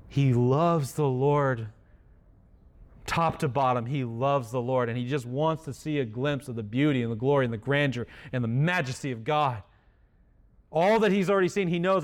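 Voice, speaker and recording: A man's voice: mid-range voice, moderate pace. A man preaching a sermon in a conversational way, with self-deprecating humor. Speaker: pastor.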